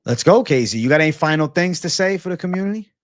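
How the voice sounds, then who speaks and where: A man hosting a live stream in casual chat, animated, swearing and calling everyone 'bro'. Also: fairly high pitch, fast talker, no echo, clean studio sound. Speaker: stream host.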